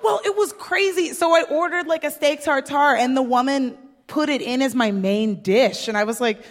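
A woman's voice: high voice, normal speed, big-room sound. A young woman co-hosting a comedy podcast in front of a live audience, riffing sarcastically and leaning on "like" a lot. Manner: sarcastic, riffing, heavy on filler "like". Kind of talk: casual banter before a live audience.

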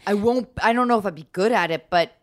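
A woman's voice: medium pitch, quick pace, no echo. Woman podcast host, mid voice, effusive and profane, dry recording. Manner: gushing, swears freely. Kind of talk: casual interview chat.

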